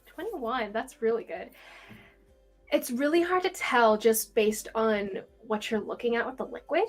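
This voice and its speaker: A woman running a tabletop game as game master, narrating scenes with relaxed fillers. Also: fairly high pitch, measured pace, faint music behind. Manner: describes scenes with fillers and restarts.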